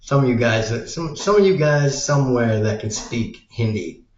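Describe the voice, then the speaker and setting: A man's voice: mid-range voice, animated, moderate pace, slight background noise. A man rambling in a crude, meandering monologue, swearing often. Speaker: vlogger. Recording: roomy, dull lo-fi sound.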